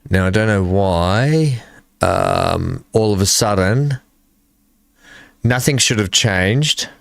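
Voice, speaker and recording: A man hosting a live stream, talking casually and haltingly into his desk microphone while he fixes his audio. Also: lowish voice, lively intonation, vocal fry, no echo. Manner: halting, mumbling, fixing his mic. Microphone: desk microphone with filters.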